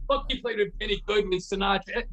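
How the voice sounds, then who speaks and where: A man's voice: high-pitched, normal speed, poor audio. A man telling casual anecdotes as a guest, acting out the voices of people he quotes and often restarting his words. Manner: animated, acts out quoted dialogue. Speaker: guest storyteller.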